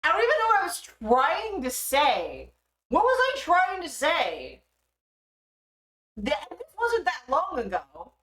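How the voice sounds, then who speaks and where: A young woman chats on her live stream in a bright, slightly high voice that rises and falls a lot. She talks slowly, laughs at her own slips and swears freely. The sound carries an echo from the room. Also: huge pitch swings. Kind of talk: casual live-stream chat.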